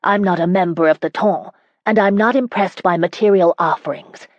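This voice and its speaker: At normal speed and in a natural voice, a woman narrating an audiobook speaks as a spirited, indignant young woman. Her delivery turns sharp and emphatic, higher and louder than narration, and the sound is lo-fi with no room tone.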